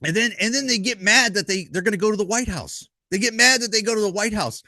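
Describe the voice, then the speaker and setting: A man's voice: high voice, animated, fast talker, bright, forceful tone, dry recording. A middle-aged man ranting in a casual vlog, rambling and blunt, with lots of profanity, restarts, stammers and rhetorical questions to the listener. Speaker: vlogger.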